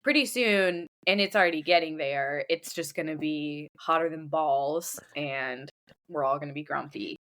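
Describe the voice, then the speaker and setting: A woman in her thirties, a podcast co-host telling a lively story in casual chat, putting on the voices of others. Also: sits low, normal speed.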